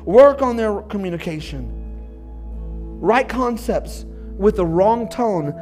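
A man's voice: high voice, animated, slow pace, music in the background. A pastor preaching an emphatic sermon to his congregation about marriage. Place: church.

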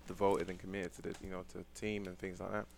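A man's voice: low-pitched, level tone, fast talker, vocal fry, darkish tone. A young man from London with a London accent, chatting casually as an interview guest, laid-back and laughing often. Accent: London English. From London, England. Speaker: football player guest.

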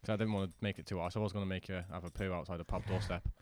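A man's voice: low voice, steady tone, racing, very noisy. A young man joking and laughing through a casual podcast chat. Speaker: podcast co-host.

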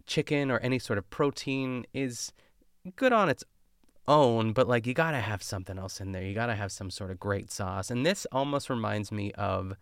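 A man's voice: medium pitch, moderate pace, clean tone, no echo, studio quality. A young man casually chatting and rambling as a podcast host, recapping a cooking show with lots of fillers and tangents. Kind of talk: casual chat.

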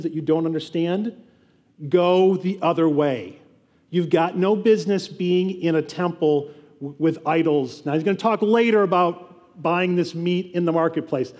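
A man's voice: sits high, expressive, moderate pace, a little mellow, breathy edge, in a large hall. A man preaching a sermon as pastor, conversational, with asides and frequent restarts.

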